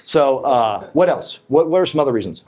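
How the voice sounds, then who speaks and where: A man's voice: medium pitch, moderate pace, faint music behind. A middle-aged man giving a motivational talk to real estate agents, quizzing the crowd and telling stories. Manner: animated, asks the crowd, tells stories with acted quotes. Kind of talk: motivational presentation to a live room.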